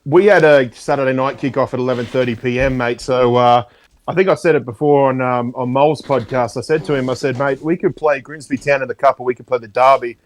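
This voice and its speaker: A man's voice: mid-range voice, fairly even intonation, brisk. A man with an Australian accent calling in to a fan phone-in show, chatting in a teasing, upbeat way. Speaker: caller. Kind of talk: casual phone-in chat.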